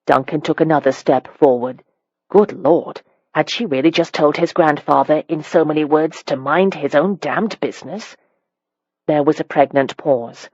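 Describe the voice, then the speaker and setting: An audiobook narrator reading a period romance in a measured, wry storytelling manner. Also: mid-range voice, a little mellow, breathy edge, no echo, lo-fi sound.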